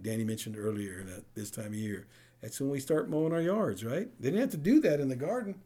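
A man preaching a sermon as pastor, in a conversational way, often checking in with the congregation with a quick "right?". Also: medium pitch, animated, dark tone, slightly rough.

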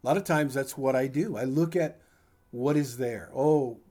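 A man's voice: medium pitch, moderate pace, darkish tone. An older man preaching a sermon in a conversational, folksy way, with asides to his congregation. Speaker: pastor.

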